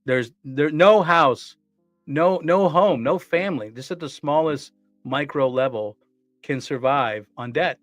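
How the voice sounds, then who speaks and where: A man's voice: a little high, a little slow, no echo, clean studio sound, soft background music. A man co-hosting a casual talk show, speaking earnestly and often repeating words as he restarts his sentences. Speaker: co-host. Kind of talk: casual conversational commentary.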